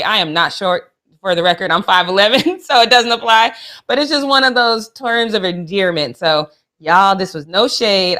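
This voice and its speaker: A young adult woman co-hosting a sports chat show, animated and playful. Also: medium pitch. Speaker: co-host.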